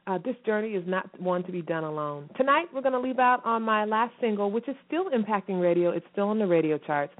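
A woman hosting a gospel radio show, chatting casually with gushing thanks and shout-outs. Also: mid-range voice. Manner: warm, exuberant, gushing shout-outs with laughs. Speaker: radio show host and gospel recording artist. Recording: tinny phone-like sound, faint music.

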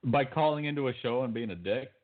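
A man's voice: medium pitch, quick pace. A man co-hosting a podcast, blunt and sarcastic in profane casual banter. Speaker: podcast co-host. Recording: phone-like lo-fi audio.

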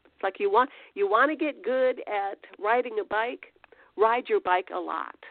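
A woman's voice: mid-range voice, measured pace, dry recording. Woman podcast host, casual faith teaching, rambling, phone-line audio, dry. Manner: conversational, rambling with restarts and fillers. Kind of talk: informal spiritual teaching.

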